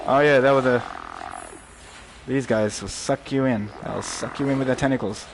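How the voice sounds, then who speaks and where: A man's voice: mid-range voice, fairly even intonation, normal speed, noisy background. A man streaming a VR game, who riffs in crude, rambling jokes as he plays. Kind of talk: casual game commentary.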